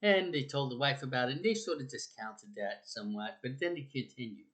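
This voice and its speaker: A man's voice: animated, brisk, a bit bright. Guy rambling through stories, lots of uh and restarts, voice jumps up for quotes. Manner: rambling, conversational, with many fillers and restarts; acts out quotes with raised pitch. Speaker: speaker on the afterlife. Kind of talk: casual storytelling talk.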